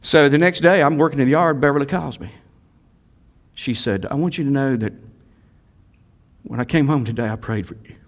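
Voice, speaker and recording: Pastor guy preaching, mid-pitched voice, goes quiet then gets loud, repeats stuff for punch. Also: normal speed, pauses often. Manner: emphatic, swings from quiet asides to loud exhortation; repeats key phrases for emphasis. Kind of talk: sermon.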